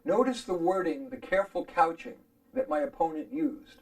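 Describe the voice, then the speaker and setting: A man's voice: sits high, big pitch swings, moderate pace, rough recording. A man arguing his side in a formal debate, emphatic and pointed in his rebuttal.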